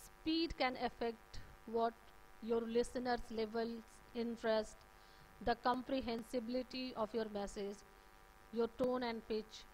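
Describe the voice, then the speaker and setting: A woman's voice: a little high, a little hiss or hum, poor audio. A woman with an Indian English accent giving a classroom lecture, explaining points with many "uh"s and "okay" checks. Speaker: teacher. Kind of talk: classroom lecture on communication skills.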